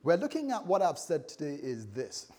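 Husky guy preaching, pitch jumping all over, acts out other people's voices. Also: normal speed. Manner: animated, swings between loud and soft, acts out voices. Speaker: pastor. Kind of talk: sermon.

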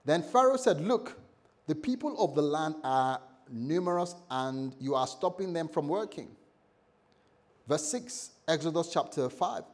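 A pastor preaching a lively sermon, acting out the scripture characters with shifting voice and joking asides. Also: male voice, fairly high pitch.

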